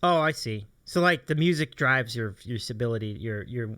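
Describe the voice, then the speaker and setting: A man with a bright, forceful voice that swings widely in pitch, co-hosting a casual streamed chat show. He is upbeat and enthusiastic, often repeating his words, and talks into a desk mic. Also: lively intonation, moderate pace, smooth. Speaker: podcast co-host.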